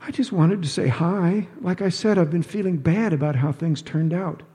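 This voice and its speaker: A man's voice: high-pitched, normal speed, dark tone, long reverb tail, voice pushed up, lightly acted. A man reading an audiobook, voicing a sly divorced woman who talks in a sugary, teasing, falsely innocent way.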